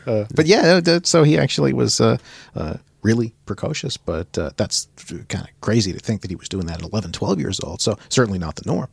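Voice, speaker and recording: A man co-hosting a music podcast who adds quick asides with halting restarts. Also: fairly low pitch, lively intonation, gravelly, a little hiss or hum. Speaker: podcast co-host. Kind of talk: casual chat.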